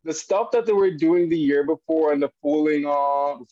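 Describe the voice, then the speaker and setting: Animated dad telling stories, dull dry recording. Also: male voice, normal speed, no echo. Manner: animated storyteller, voice jumps high for quoted lines. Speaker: podcast guest. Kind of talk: storytelling in a podcast interview.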